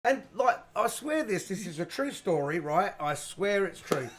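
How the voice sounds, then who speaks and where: A man from England telling stories in a casual chat, animated and laughing as he goes. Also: high-pitched, moderate pace, background noise. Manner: animated, laughing storyteller, swears. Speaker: musician guest.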